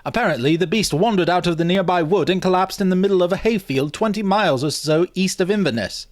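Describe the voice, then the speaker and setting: A man's voice: sits high, quick pace, dry recording, studio quality, voice pushed up, close to an everyday voice. A man reading aloud and voicing a smug young man who loves to mock, with a raised voice and a taunting, insistent manner. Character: smug, mocking young man, excitable know-it-all.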